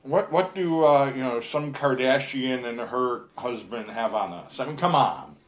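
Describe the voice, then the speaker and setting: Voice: medium pitch, expressive. A podcast co-host chatting casually, stumbling over words with many fillers. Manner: halting, many fillers and restarts, laughs easily. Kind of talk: casual chat.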